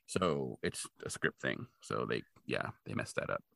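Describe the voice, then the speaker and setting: Lively gravelly-voiced man, jokey podcast chat. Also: unhurried, no echo. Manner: animated, jokey, pitch jumps when excited. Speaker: podcast co-host. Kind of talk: casual chat.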